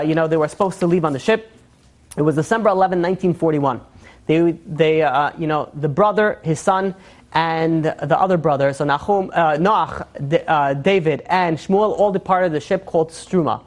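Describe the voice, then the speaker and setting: A man, a rabbi, telling a long story in a sermon, animated and full of fillers. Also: fairly high pitch.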